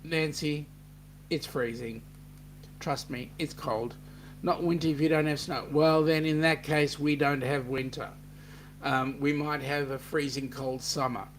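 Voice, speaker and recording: A man's voice: on the high side, fairly even intonation, unhurried, slight background noise. A middle-aged Australian man hosting a casual livestream, joking and reading viewer comments aloud. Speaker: host.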